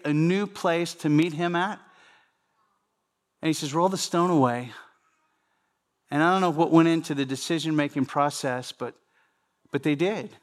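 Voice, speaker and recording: Male pastor, sermon, conversational, repeats himself, talks to the congregation, slightly high voice. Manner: conversational, repeats phrases, addresses congregation directly.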